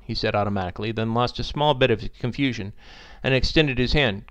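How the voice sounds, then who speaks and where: A man narrating a story in an expressive, animated reading style. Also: mid-range voice, fast, smooth, highs cut off.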